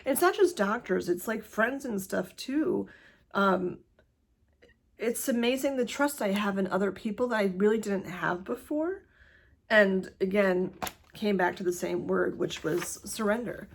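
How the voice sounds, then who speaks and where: A woman talking casually to camera in a personal vlog, rambling with lots of fillers and a hurried pace. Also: medium pitch, gravelly. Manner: rambling, many fillers, laughs often. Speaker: vlogger sharing her cancer journey.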